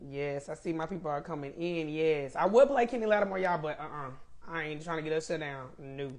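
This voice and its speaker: A woman's voice: sits low, expressive, brisk, a little mellow. A woman hosting a casual live stream, greeting viewers by name and laughing often while she waits for her guest, speaking.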